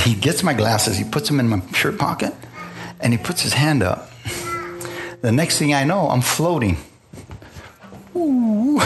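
Guy preaching his testimony in church, tells it like a story, does the voices, keeps asking amen, some music under it. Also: medium pitch. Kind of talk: testimony sermon. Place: church in front of a congregation.

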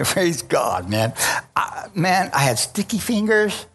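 A man's voice: high-pitched, creaky, breathy edge. A man preaching and telling his own conversion story, calling out to the congregation as he goes. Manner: animated storyteller, calls out to congregation. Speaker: preacher giving a testimony. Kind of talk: sermon testimony.

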